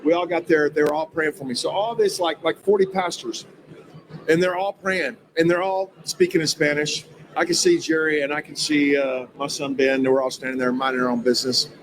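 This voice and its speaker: A man's voice: fairly high pitch, steady tone, brisk. Rambling man telling a story, noisy clip. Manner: rambling, restarts often, acts out quotes. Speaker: storyteller recounting an experience. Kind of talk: casual storytelling.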